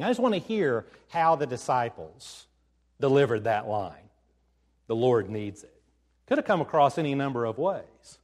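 A male pastor giving a sermon in an animated storytelling manner, acting out the lines he quotes. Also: medium pitch.

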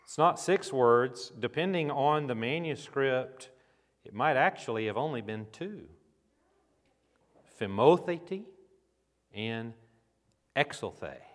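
A man preaching a sermon as pastor, dramatic and emphatic, with rhetorical questions and long pauses. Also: mid-range voice, animated, fairly bright tone. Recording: reverberant hall.

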